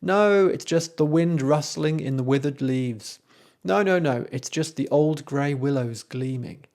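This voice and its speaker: A man's voice: on the high side, a little slow, a little mellow. A man voicing a father who brushes off his son's fears in a reassuring, dismissive way.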